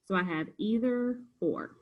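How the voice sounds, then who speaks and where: A woman's voice: medium pitch, a little slow, phone-quality sound. A woman teacher patiently walking students through a homework review, step by step. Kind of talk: recorded homework review lesson.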